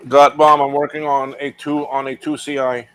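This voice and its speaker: A man's voice: medium pitch, flat delivery, moderate pace, fairly bright tone, clean tone. Wry man describing a repair. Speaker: stream guest. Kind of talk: casual livestream chat.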